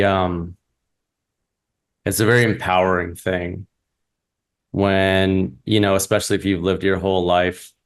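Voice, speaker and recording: A man interviewing a guest, asking thoughtful, searching questions in a conversational way. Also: deep voice.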